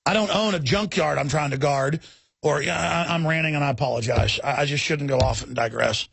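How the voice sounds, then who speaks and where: Male talk radio host, husky high voice, heated rambling rants, bone-dry sound. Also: a little fast, a bit bright, dry recording. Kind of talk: ranting talk radio monologue.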